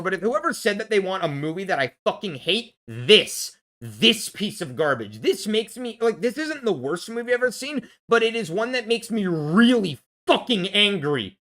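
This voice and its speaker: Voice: mid-range voice, a bit bright. A vlogger ranting in a casual film review, angry and blunt, swearing heavily and restarting when worked up.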